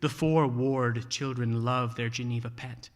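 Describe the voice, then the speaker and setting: A man's voice: mid-range voice, fairly even intonation, measured pace, background noise. A man acting as host, giving a playful, mock-dramatic introduction of a reader to an audience. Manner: playful, theatrical build-up. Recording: long hall reverb.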